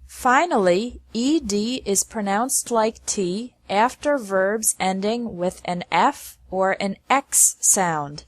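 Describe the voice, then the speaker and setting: A woman teaching an English lesson, spacing her words out at a very slow, deliberate pace. She articulates each word carefully, as if for learners to repeat after her. Her voice sits at a middling pitch and sounds close and dry, with no room around it. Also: animated, dry recording. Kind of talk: slow, clearly enunciated lesson narration.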